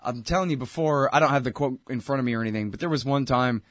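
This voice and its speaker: A man hosting his own show, ranting in an exasperated, opinionated way, with loud outbursts that drop to mutters. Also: medium pitch, fast talker, dry recording, studio quality. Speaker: show host. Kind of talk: opinionated political commentary.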